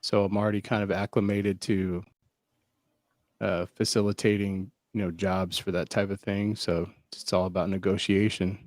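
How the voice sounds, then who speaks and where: Low-voiced hesitant male guest. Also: flat delivery, normal speed, a little mellow, dry recording. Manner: hesitant, dry humor. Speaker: guest caller. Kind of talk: casual chat.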